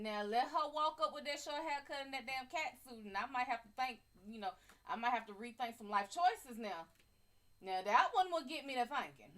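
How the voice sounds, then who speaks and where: A woman's voice: on the high side, expressive, brisk, a bit bright. A woman hosting a live tarot stream in casual chat, blunt, profane and brassy, greeting viewers by name and calling them honey.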